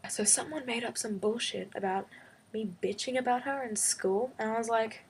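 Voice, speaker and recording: Husky exasperated young woman ranting. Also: mid-range voice, a little fast. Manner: exasperated, animated retelling with quoted back-and-forth. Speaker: vlogger; high school student. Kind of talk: casual storytelling rant.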